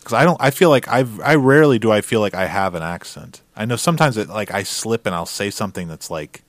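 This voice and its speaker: A man from Louisiana co-hosting a podcast, animated and opinionated in casual chat, swearing now and then. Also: lowish voice, fast, no room sound. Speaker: podcast co-host.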